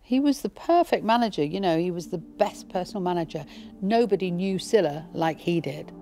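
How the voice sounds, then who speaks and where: A woman impressionist telling stories in an interview, lively and breaking into voices as she goes. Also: fairly low pitch, brisk. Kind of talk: interview reminiscence.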